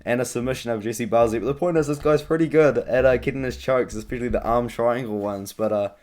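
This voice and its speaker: A man's voice: mid-range voice, fast, a little mellow. A young man in a casual vlog giving fight predictions, chatty and rambling, with frequent ums and uhs. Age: young adult. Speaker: MMA vlogger.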